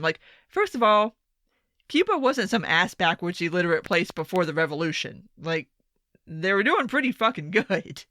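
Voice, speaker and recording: A woman's voice: on the low side, big pitch swings, moderate pace, pushed and bright, no room sound, clean studio sound. A young woman giving a casual, sarcastic political commentary monologue, full of swearing and exasperated asides.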